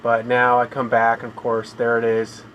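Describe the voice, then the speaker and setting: A man talking in a flat, weary monotone on a casual live stream from his home room, sounding tired and in pain as he complains. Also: mid-range voice, moderate pace, a little hiss or hum, rough recording. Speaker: gaming streamer.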